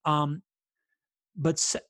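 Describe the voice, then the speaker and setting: A man's voice: a little high, level tone, extremely slow, fairly bright tone, no echo, clean studio sound. A man hosting a podcast, laid-back and affirming in casual chat. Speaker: podcast host.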